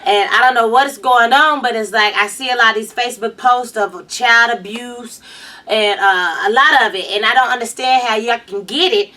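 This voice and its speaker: Animated high bright-voiced woman co-host. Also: moderate pace, recorded from a distance. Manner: animated, laughs often, acts out quotes. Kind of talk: casual chat.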